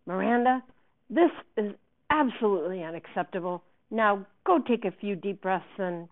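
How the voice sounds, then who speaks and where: A woman reading aloud, voicing an exasperated male school drama teacher who shouts his orders. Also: mid-range voice, moderate pace, lightly acted. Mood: outraged. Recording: tinny phone-like sound.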